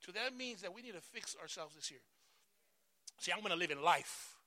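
A man pastor preaching a sermon, calling out to the congregation for responses and swinging between loud bursts and soft asides. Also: sits high, expressive, brisk. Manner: emphatic call-and-response preaching.

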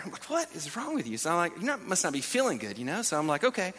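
A man, likely in his thirties, preaching with an animated, self-deprecating family story full of restarts. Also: high-pitched, a little fast. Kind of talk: sermon storytelling. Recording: hall reverb.

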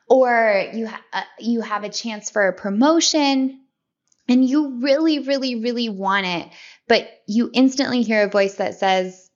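A woman's voice: fairly high pitch, muffled recording. A woman hosting a podcast, giving a conversational self-help monologue and often repeating and restarting her words.

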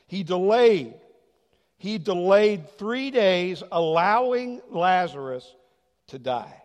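High-pitched pastor guy preaching, gets loud then goes almost whispery, big echoey church hall. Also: animated, slow. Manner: dynamic preaching, swings from loud emphasis to hushed near-whisper. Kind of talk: sermon.

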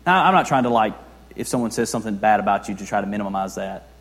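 A man's voice: on the low side, lively intonation, quick pace. Young male pastor preaching in a reverberant hall. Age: young adult. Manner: conversational preaching with rhetorical questions, swings between soft and loud. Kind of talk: sermon. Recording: long reverb of a large hall.

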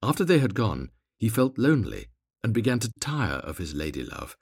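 A low, slightly husky man reads a fairy tale aloud. His voice moves through a wide, expressive range. The sound is close and dry. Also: fairly quick, no echo. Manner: expressive, gently dramatic. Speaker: narrator. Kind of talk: storybook reading aloud.

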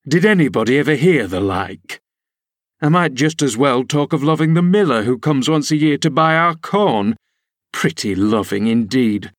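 A stern middle-aged housekeeper scolds in a scornful, clipped tone, read by a man in his own mid-range voice. The delivery is measured and dry, with no room around it. It suits a storybook period drama. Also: medium pitch, no room sound, lightly acted.

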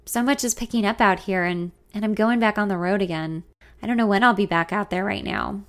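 A woman's voice: medium pitch, a little fast, close to an everyday voice. A woman voicing a flirty man with a Southern US drawl who coaxes and dodges questions. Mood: wistful. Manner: coaxing, drawling.

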